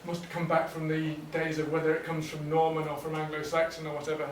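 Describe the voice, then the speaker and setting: A man's voice: a little high, fast talker, slight background noise. Man explaining in an echoey room. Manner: explanatory, relaxed, with fillers and restarts. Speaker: workshop trainer. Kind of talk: teacher training talk. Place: workshop room. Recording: echoey room, distant mic.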